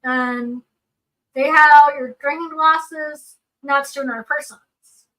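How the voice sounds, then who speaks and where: A woman co-hosting a casual seminar talk, earnest and explanatory as she works through personal examples. Her voice sits high and bright. She sounds a little distant from the microphone. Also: steady tone, slow. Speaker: seminar co-presenter.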